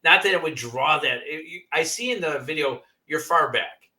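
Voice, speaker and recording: A man's voice: fairly high pitch, animated, moderate pace, sharp tone. A man hosting a paranormal podcast, chatty and enthusiastic as he leads each segment. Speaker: podcast host. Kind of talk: casual interview chat.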